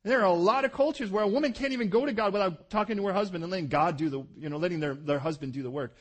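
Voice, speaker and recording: Male pastor, sermon, husky voice, slightly high pitch, animated storytelling. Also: very fast. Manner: animated storytelling, acts out voices, drops soft for tender moments.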